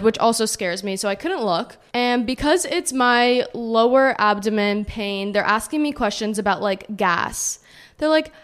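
Smooth-voiced young woman telling a story. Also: on the high side, fairly bright tone. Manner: chatty, heavy use of "like". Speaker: podcast host. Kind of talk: casual storytelling.

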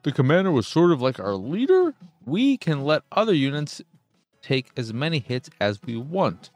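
A man giving casual, profane let's play commentary, excitable and thinking out loud as he plays. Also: fairly low pitch. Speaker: gaming streamer.

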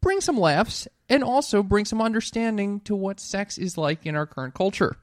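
A man's voice: high voice, expressive, moderate pace, no room sound, clean studio sound. A young man co-hosting a comedy podcast with his mother, upbeat and often stumbling over his words. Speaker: podcast co-host. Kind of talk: casual chat.

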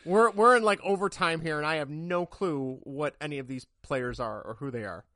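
A man's voice: fairly high pitch, moderate pace, pushed and bright, no room sound, studio quality. A man co-hosting a casual sports podcast, rambling and joking, often laughing at himself. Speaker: podcast co-host.

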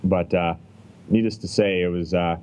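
A man's voice: low-pitched, normal speed, poor audio. A middle-aged man from Canada, a chiropractor guest chatting casually and acting out quoted lines as he tells stories. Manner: animated storyteller who acts out quoted lines. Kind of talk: casual podcast chat.

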